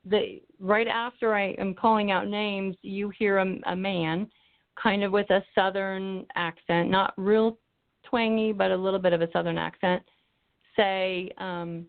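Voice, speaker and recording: With a steady tone, medium pitch and measured pace, an Arizona paranormal investigator tells a rambling story in a casual interview, peppered with ums and restarts. She's on a remote call mic she drifts off of, and the line sounds tinny like a phone.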